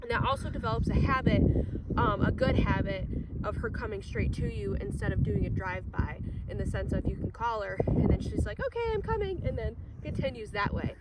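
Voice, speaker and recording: A woman's voice: mid-range voice, expressive, brisk. A woman dog trainer explaining a training demonstration outdoors in an upbeat, chatty way. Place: outdoors in a field. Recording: loud wind noise, distant outdoor mic.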